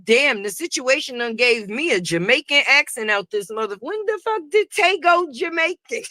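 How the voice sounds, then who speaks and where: Profane high-voiced woman gossip host. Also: normal speed, few pauses, no room sound, studio quality. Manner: profane, animated, talks straight to viewers. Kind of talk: casual gossip commentary.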